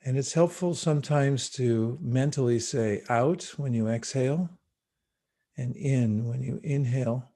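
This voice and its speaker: A man leading a guided meditation session over a video call, speaking in a calm, unhurried and gently instructive way. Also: mid-range voice. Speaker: meditation teacher.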